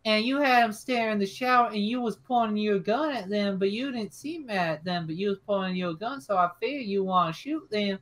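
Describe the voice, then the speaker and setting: Frightened Southern boy, high voice, stammering, rambling, woman voicing him. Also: fairly quick, few pauses, close to an everyday voice.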